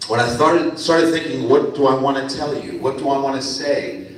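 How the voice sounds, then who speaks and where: A middle-aged man from New Jersey giving a friendly, animated speech to students as a guest speaker at a school ceremony. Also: medium pitch, normal speed. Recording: echoey hall from far off, faint ambience.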